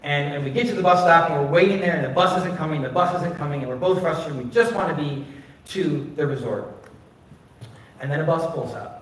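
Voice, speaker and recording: Guy pastor preaching, chatty and candid, kinda high voice, phone stream from way back in a super echoey church. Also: brisk, recorded from a distance. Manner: candid, conversational, many "like" fillers. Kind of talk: personal storytelling sermon. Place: church sanctuary. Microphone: phone recording from a distance.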